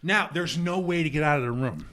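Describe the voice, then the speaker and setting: A middle-aged man telling an animated, profane comedy story, acting out the other people in it. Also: a little high, fairly quick. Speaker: guest comedian.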